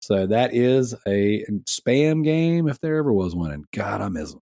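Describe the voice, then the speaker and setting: A man's voice: medium pitch, big pitch swings, unhurried, vocal fry, dark tone, dry recording, studio quality. A man in his thirties hosting a casual gaming podcast, chatty and rambling, laughing often. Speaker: podcast host.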